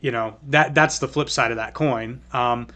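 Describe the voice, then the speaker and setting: A man's voice: mid-range voice, moderate pace, bright, forceful tone. A man co-hosting a casual podcast discussion, joking and often restarting his sentences. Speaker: podcast co-host. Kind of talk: casual chat.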